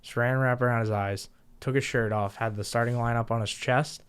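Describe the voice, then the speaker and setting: A man who is a guest on a podcast, telling stories in a casual, animated way and laughing often. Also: mid-range voice, a little fast, clear, resonant tone. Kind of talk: casual storytelling.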